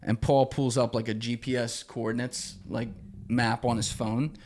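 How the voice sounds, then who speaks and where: A man's voice: mid-range voice, flat delivery, normal speed, darkish tone, slight background noise. A young man, a podcast guest, telling a story casually and animatedly, cursing freely and acting out the people he quotes.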